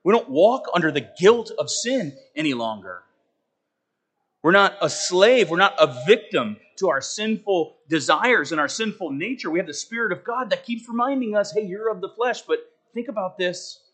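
A man preaching a sermon, earnest and emphatic, talking straight to the congregation with conversational asides and sudden swings between loud and quiet. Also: high voice, sing-song, moderate pace, husky. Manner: earnest, emphatic, rising and falling with dramatic swings in volume.

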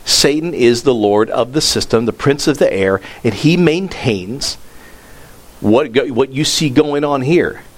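A man's voice: medium pitch, expressive, a little slow. A pastor delivering a sermon in a conversational way, raising his voice for emphasis. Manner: conversational preaching that rises in emphasis on quoted lines.

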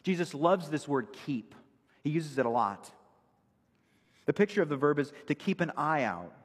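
A male pastor delivers an emphatic expository sermon, walking through scripture verse by verse. His voice is husky, and his pitch swings widely as he drives each point home. The sound carries a long reverb from a large church hall. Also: animated, moderate pace.

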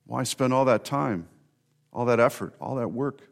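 A middle-aged male pastor with a gravelly, mid-range voice delivers an Easter sermon. He tells a story earnestly, with rising emphasis and pauses.

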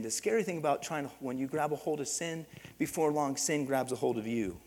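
A man's voice: on the high side, a little fast. A man preaching a sermon as pastor, with emphatic repetition and direct calls to the congregation. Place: church sanctuary. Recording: long reverb of a church hall.

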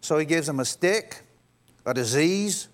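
A man's voice: animated, measured pace. Conversational male pastor preaching. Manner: conversational, acts out dialogue with God in a lower voice. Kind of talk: sermon.

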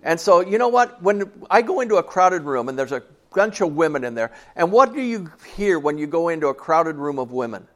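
A man's voice: fairly high pitch, big pitch swings, a little fast, hardly any pauses, fairly bright tone. A man in his sixties preaching a sermon to a church congregation in a folksy, conversational way, often asking them questions. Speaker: pastor.

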